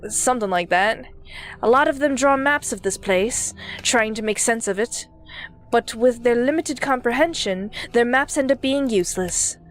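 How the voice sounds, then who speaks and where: A woman's voice: fairly high pitch, normal speed, close to an everyday voice. A woman voicing a pompous elderly man with a British accent who claims to be God. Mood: condescending. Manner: smug, self-important, condescending.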